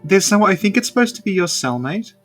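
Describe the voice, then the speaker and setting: A woman's voice: medium pitch, big pitch swings, quick pace, soft background music. A woman co-hosting a casual podcast, recapping with dry sarcasm and frequent laughs. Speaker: podcast co-host.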